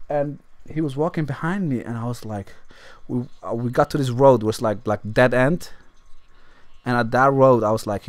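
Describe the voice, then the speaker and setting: Young male vlogger, crude storyteller, mid-pitched, dry and close. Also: brisk, dry recording. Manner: brash, crude, laughing at himself. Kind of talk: casual profane storytelling.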